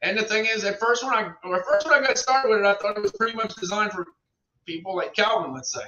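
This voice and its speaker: A middle-aged man hosts a casual livestream reviewing products, rambling to viewers and repeating his phrases. His voice sits high and sounds pushed and bright, and he talks fast. The recording is roomy, distant and dull, with a lo-fi quality.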